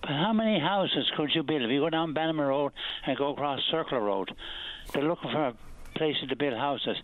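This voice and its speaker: A man's voice: fairly high pitch, moderate pace. Old newfoundland guy in his 80s calling in, rambly, tinny phone line. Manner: rambling, storytelling. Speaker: caller. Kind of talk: phone-in call.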